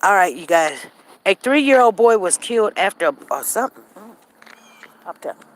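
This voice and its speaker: A woman hosting a casual live stream while she walks outdoors, chatting straight to her viewers and greeting them by name. She drops to a lower, quieter tone when she gets serious. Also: sing-song, normal speed, poor audio. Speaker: livestream host. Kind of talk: casual rambling live chat. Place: outdoors, walking.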